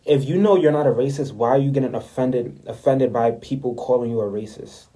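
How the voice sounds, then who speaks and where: A man's voice: mid-range voice, brisk, mellow, a little hiss or hum, poor audio. A young man ranting in a story-time vlog, indignant and repetitive, talking straight to his viewers. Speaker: vlogger. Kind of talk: story time rant to camera.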